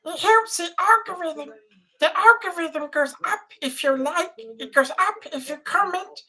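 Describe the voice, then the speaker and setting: Woman putting on a squeaky helium voice. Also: unhurried, sharp tone, exaggerated voice. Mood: chirpy. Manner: chirpy sales-pitch patter. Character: squeaky helium-voiced streamer, chirpy and pushy. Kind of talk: live stream chat.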